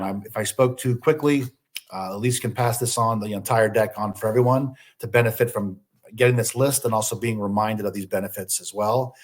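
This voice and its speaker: A man giving a business webinar presentation, posing questions and then answering them himself, with frequent "uh" fillers. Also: mid-range voice. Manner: slows down deliberately for listing items.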